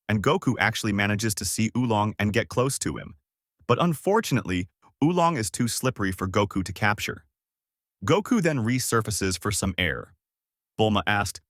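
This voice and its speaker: A man's voice: fairly low pitch, a bit bright, no echo, clean studio sound. A man reading a fan story aloud as narrator, in plain storytelling.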